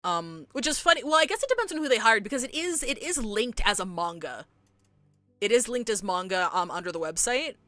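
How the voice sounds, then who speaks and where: Woman streamer, bright edgy voice, worked up, rambling, apologetic. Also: fairly high pitch, big pitch swings, brisk, no echo. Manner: rambling, frustrated, apologetic, many restarts. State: agitated. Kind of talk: casual live-stream chat with viewers.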